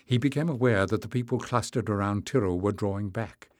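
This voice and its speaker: A man reading a fantasy novel aloud in measured, expressive scripted narration. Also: on the low side, dry recording, studio quality. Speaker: audiobook narrator.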